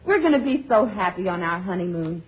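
An actress playing a sweet, doting young bride in a 1930s radio comedy sketch, gushing and sugary. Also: female voice, on the low side, expressive, a little fast, phone-quality sound, close to an everyday voice. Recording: scratchy 1930s radio broadcast.

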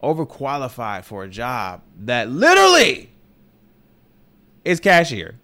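A man's voice: mid-range voice, huge pitch swings, measured pace, pushed and bright. A young man hosting a podcast, speaking candidly and emotionally in a personal monologue, swearing often and circling back on his words. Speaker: podcast host. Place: New York.

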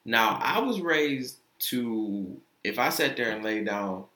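A man's voice: fairly low pitch, animated, slow, pushed and bright. A young man telling a personal story in a loose, candid, profane way, acting out the quoted lines. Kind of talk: casual storytelling. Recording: echoey room.

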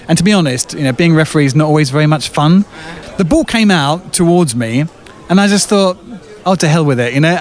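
An English man, a sports journalist, telling a lively anecdote outdoors with frequent fillers. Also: high-pitched. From England. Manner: chatty storyteller, many fillers, lively retelling. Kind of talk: casual anecdote.

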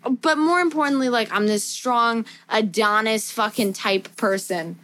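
On a podcast she co-hosts, a woman with a slightly high voice chats through a movie recap at a moderate pace. Her delivery is lively, full of swearing and acted-out lines.

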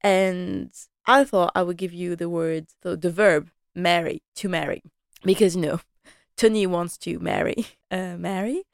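Chatty woman with a smooth, dry voice. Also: fairly low pitch, unhurried, dry recording. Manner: chatty and animated, laughing often, slipping into quoted lines. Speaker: podcast host recapping a TV drama. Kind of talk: casual chat.

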